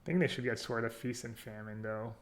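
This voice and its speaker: A man streaming a card game, chatting casually and thinking out loud while poking fun at himself. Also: medium pitch, brisk. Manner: chatty, self-mocking, thinks aloud. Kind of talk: casual live-stream commentary.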